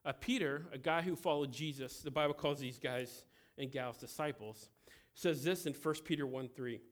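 A man in his thirties from the American Midwest giving a conversational, joking sermon with animated storytelling. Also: medium pitch, normal speed. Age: 30s. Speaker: pastor.

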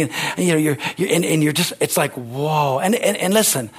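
A man's voice: on the high side, brisk, husky. A man preaching a sermon, exhorting his listeners with rising energy, rambling at times with restarts.

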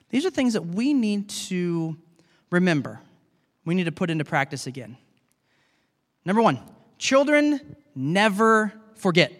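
High-voiced pastor preaching in a reverberant hall. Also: male voice. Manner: earnest, conversational preaching that addresses the congregation as guys. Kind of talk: sermon. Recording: long reverb of a large hall.

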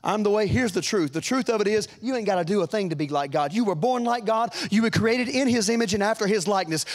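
A man preaching a sermon, fervent and folksy, climbing to loud peaks and dropping to quiet asides. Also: fast talker, hardly any pauses. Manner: fervent, rises to shouts then drops low; folksy, repeats words.

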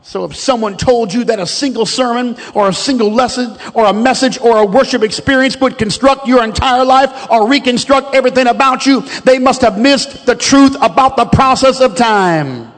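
A man preaching a sermon, with rhythmic, emphatic delivery that builds to shouts. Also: very high voice, normal speed, hardly any pauses. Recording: long reverb of a large hall.

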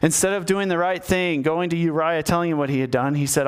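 A man's voice: on the high side, steady tone, fast talker, hardly any pauses, clean tone. A man giving a sermon in a conversational storytelling manner, talking to his listeners directly. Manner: conversational storytelling, acts out the characters. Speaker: preacher.

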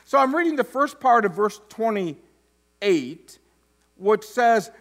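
A man's voice: high-pitched, expressive, takes it slowly, fairly bright tone. A man, an interim pastor, preaching a conversational sermon with joking asides and frequent restarts. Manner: restarts and stumbles over words.

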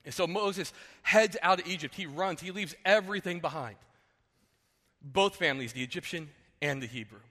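A man preaching a sermon as a pastor, retelling a story in an animated way and acting out the characters. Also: a little high, moderate pace, long reverb tail. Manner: animated, acts out characters, asks "right?". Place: church sanctuary.

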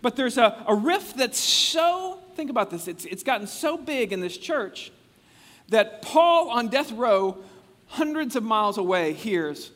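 A man preaching a casual, conversational sermon, animated and chatty, often restarting his sentences. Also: very high voice, unhurried. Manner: animated, chatty, acts out quotes with frequent restarts. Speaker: pastor. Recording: long reverb of a large hall.

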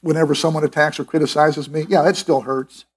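A man's voice: fairly high pitch, fairly even intonation, brisk, slightly rough. A middle-aged man preaching a sermon in an emphatic, conversational way, with restarts and asides. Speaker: pastor.

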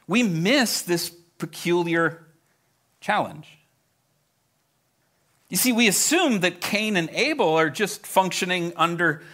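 A pastor with a high, sharp-toned voice preaches to a live congregation. His style is conversational and direct, and he often repeats words as he launches into a thought.

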